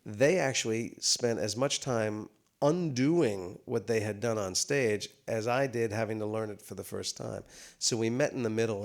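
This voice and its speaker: A man in his fifties, a guest actor on stage at a live talk, telling comic anecdotes full of fillers and restarts. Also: lowish voice. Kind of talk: storytelling on stage. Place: theater stage before a live audience.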